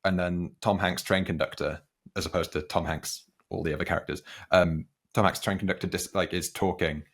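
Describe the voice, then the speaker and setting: A man's voice: deep voice, fairly even intonation, fairly quick, a bit bright. A man in his twenties hosting a casual film chat, telling rambling stories and correcting himself. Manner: rambling, self-correcting storyteller. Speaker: film podcast host.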